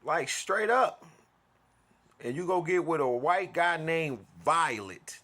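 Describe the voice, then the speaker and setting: A man's voice: fairly high pitch, lively intonation, slow, bright, forceful tone. A man telling an aggrieved story in a profane, heated monologue, restarting and repeating himself as he vents. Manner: aggrieved, ranting, repetitive restarts. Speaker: vlogger.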